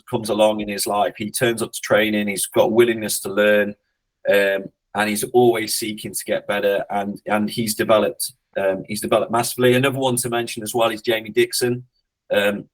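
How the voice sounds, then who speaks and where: Man, rugby head coach, slightly low voice, reflective, halting, casual interview. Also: rough recording. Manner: reflective, hesitant restarts, blunt swearing when joking.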